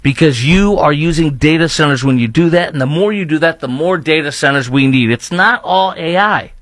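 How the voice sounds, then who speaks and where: A man's voice: a little high, expressive, a little fast, a bit bright, no echo. A man hosting a political talk radio show, speaking emphatically, repeating himself and firing rhetorical questions.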